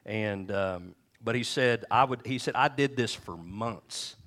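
A middle-aged male pastor preaching a sermon and telling stories, acting out quotes with shifting pitch and volume. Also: a little slow, a bit bright.

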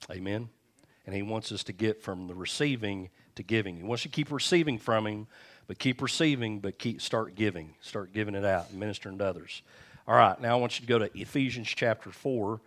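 A man's voice: fairly low pitch, a bit bright. A man pastor preaching a sermon in a church, telling a personal story in a conversational way before reading scripture.

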